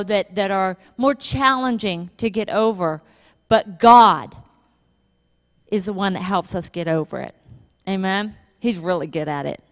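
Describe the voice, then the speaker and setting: A woman pastor preaching a sermon, telling a funny story with lively, animated delivery and laughter. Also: mid-range voice. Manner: animated storytelling, laughing at her own stories. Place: church. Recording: reverberant church hall.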